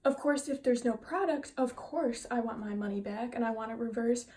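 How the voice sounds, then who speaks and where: A young woman with a slightly high voice recounts a story to her viewers in a sit-down vlog. She talks in an animated, exasperated way, acting out both sides of a phone call as her frustration builds. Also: normal speed. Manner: frustrated, animated retelling with quoted dialogue. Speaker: vlogger telling a story.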